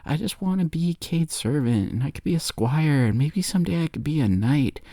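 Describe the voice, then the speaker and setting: Man doing a young peasant boy, slangy, whiny, unsure, dry close sound, lively pitch. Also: moderate pace, no echo. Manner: slangy, whiny, self-doubting. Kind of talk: comic movie retelling.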